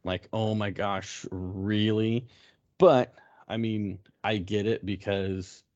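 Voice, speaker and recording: A man's voice: low-pitched, a little mellow. A man co-hosting a casual podcast chat, rambling with many fillers and restarts. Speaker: podcast co-host. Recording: dull lo-fi sound.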